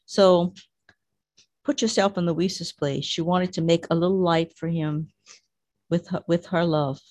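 Woman w a low voice reading devotional passages, dry close sound. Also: fairly even intonation, unhurried, darkish tone, no echo. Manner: reads aloud, then explains to listeners. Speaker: devotional reader.

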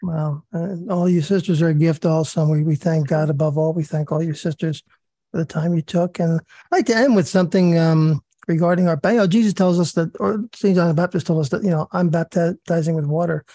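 A man from New Jersey with a New York-New Jersey accent, hosting a video call. He talks haltingly with many fillers and prays slowly. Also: a little high, dark tone, no echo. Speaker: prayer call host. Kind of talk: casual chat and spoken prayer.

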